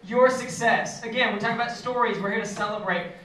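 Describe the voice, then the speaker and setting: A woman's voice: fairly high pitch, quick pace. A woman hosting a live event, with bubbly, laughing banter between speakers. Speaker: event host. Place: large hall with an audience. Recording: echoey hall from far off, crowd noise.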